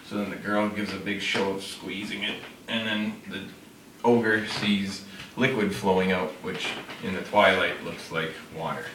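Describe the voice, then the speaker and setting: Low-voiced and bright, with a forceful tone, fairly even intonation and a measured pace, a man casually tells a fable. As a storyteller demonstrating a classroom technique, he speaks unpolished, with fillers and self-corrections. A distant mic captures roomy sound and faint noise.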